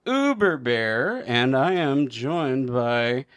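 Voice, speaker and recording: A man's voice: medium pitch, takes it slowly, clear, resonant tone, no echo. A man hosting a podcast, chatting casually in a playful, joking way. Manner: playful, jokey, animated. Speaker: podcast host. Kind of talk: casual chat.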